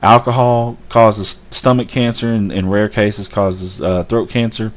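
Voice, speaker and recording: A man's voice: lowish voice, fairly even intonation, a little slow. Sarcastic ranting male talk host. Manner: ranting, sarcastic, mocks stoners in a drawl. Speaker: show host. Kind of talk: opinionated talk show monologue.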